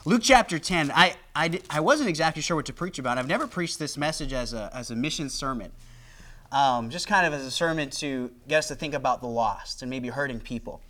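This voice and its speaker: An American man delivering a sermon in a voice pitched a little high. He talks in a loose, conversational way, often restarting his sentences and filling the gaps with small hesitations. He speaks into a handheld microphone. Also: animated, a little fast, bright, forceful tone. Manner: conversational, with many restarts and fillers. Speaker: guest preacher.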